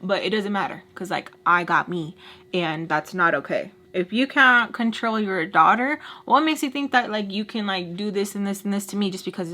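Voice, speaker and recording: A young woman telling a dramatic story while doing her makeup, acting out what people said, shifting from hushed asides to loud outbursts. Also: mid-range voice. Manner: expressive storyteller, acts out quotes, switches loud and soft. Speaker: beauty vlogger telling a story.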